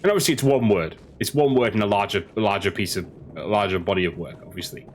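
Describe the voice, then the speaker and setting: A low-voiced man gives rambling, opinionated commentary while he streams a game. He often stops and restarts mid-sentence, with a faint noise running underneath. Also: fast talker. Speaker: gaming streamer. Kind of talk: casual commentary over gameplay.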